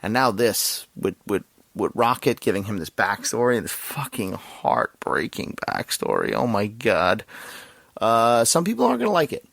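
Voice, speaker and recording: A man's voice: lowish voice, moderate pace, vocal fry, no room sound. A man hosting a podcast, talking casually and emotionally about a movie he watched, swearing often and getting worked up. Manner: excited, emotional, swears a lot. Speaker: podcast host. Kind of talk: casual movie review chat.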